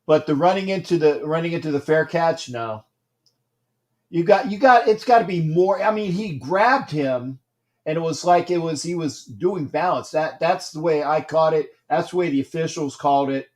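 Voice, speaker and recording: Guy hosting a livestream, kinda high voice, rambly, greets chat, yells at big plays. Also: normal speed. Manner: rambling, repeats himself, greets viewers by name; gets loud and excited during big plays. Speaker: livestream host. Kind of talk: casual livestream chat and game commentary.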